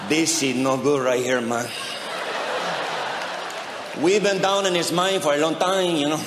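A comedian acting out a trapped miner complaining in a casual drawl. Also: male voice, fairly high pitch, unhurried, a crowd in the background, close to an everyday voice. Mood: deadpan. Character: stranded male miner, calmly grumbling. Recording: echoey hall, audience noise.

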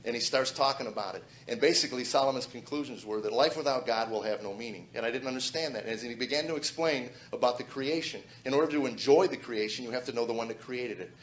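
A man in his forties giving a personal testimony. He talks fast and earnestly, stumbling over repeated words as he goes. His voice rings in an echoey room. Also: mid-range voice, slight background noise. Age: 40s. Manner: earnest, halting with repeated restarts. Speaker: testimony speaker.

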